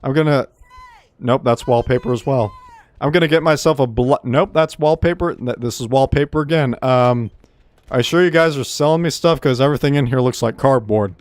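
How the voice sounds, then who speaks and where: A man's voice: mid-range voice, brisk, dry recording. A man casually commentating while streaming a video game, joking, sarcastic and rambling.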